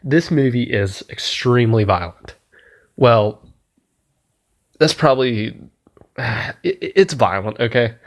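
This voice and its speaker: Male reviewer, mid pitch, loose and profane, excitable and laughing at what he retells. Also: slow, pauses often. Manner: rambling, profane, enthusiastic, laughs at his own retelling. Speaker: movie reviewer. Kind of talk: casual spoken movie review.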